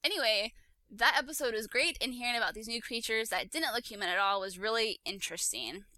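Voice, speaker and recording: A young woman co-hosting a casual podcast, chatty and quick to laugh, reading listener emails aloud. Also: a little high, bright, forceful tone, no room sound. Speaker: podcast co-host.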